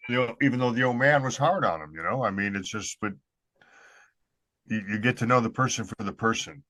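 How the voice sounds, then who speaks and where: A man co-hosting a podcast, talking in an easygoing, halting way with lots of fillers. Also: medium pitch, bright, forceful tone, no echo. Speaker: podcast co-host. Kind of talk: casual chat.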